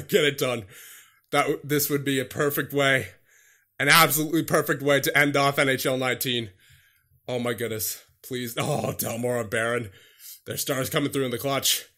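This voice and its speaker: A man's voice: medium pitch, fairly even intonation, normal speed, bright, forceful tone. A young man commentating his own hockey video game, out of breath, nervous and pleading, calling the plays like a broadcaster. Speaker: gaming YouTuber playing a hockey franchise.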